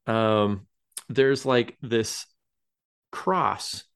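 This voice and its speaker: A man's voice: lowish voice, extremely slow, fairly bright tone, clean tone. Casual rambling podcast co-host, man. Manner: rambling, hesitant, with many fillers and chuckles. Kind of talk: casual chat.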